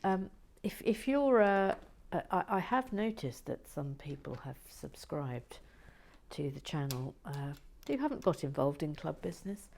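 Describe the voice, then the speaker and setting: A woman hosting her channel in relaxed, playful chat, often dropping into whispered asides and stammering restarts. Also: sits low, unhurried, gravelly, slight background noise. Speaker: channel host building and reviewing brick sets. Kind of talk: relaxed casual chat to viewers.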